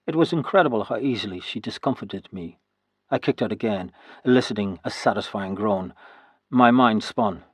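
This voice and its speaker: A man narrating historical fiction in the first person, in a steady, even storytelling manner. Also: on the low side, moderate pace, husky, no echo. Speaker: audiobook narrator.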